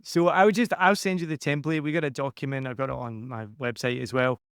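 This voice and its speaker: A man hosting a podcast who coaches his guest in a lively, conversational way and acts out quotes with added pitch. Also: fairly quick, clean tone, dry recording, studio quality.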